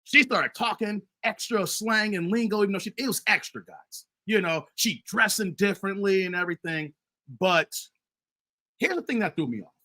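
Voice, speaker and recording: A middle-aged man runs a casual commentary live stream in a bright, forward voice. He keeps talking straight to his audience as "guys" and "fellas". His sentences often stumble and start over. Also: sits high. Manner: animated, addresses viewers as guys and fellas; repeats himself and restarts often. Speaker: commentary channel host.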